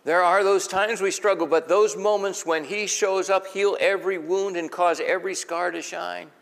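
A man's voice: sits high, steady tone, moderate pace, creaky, fairly bright tone. A man preaching a sermon in a conversational, folksy way, asking the congregation questions. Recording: long echo of a large hall.

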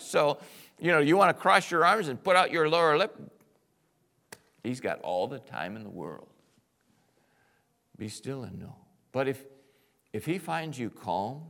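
A male pastor preaching a sermon, animated, swinging from quiet, intimate lines to loud, excited bursts. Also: mid-range voice, creaky.

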